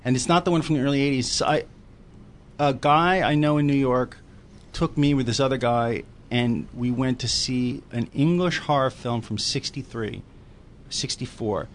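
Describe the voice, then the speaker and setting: A man's voice: medium pitch, moderate pace, slight background noise. A man co-hosting a podcast, joking crudely and teasing the others in casual chat.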